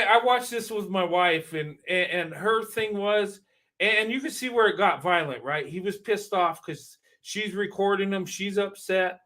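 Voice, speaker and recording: A man's voice: high voice, bright, forceful tone. A man hosting a reaction video, giving casual commentary in an emphatic, preachy way and repeating points for stress.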